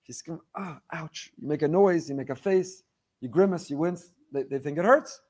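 A man's voice: a little high, normal speed, a little mellow. A man teaching a weekly faith lecture with passion, driving his points home through repeated phrases and rhetorical questions. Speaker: Torah teacher.

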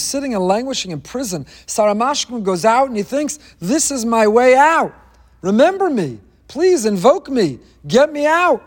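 A man's voice: sits high, darkish tone, big-room sound. A man teaching a sermon on the weekly Torah portion, an emphatic storyteller who sprinkles in Hebrew terms.

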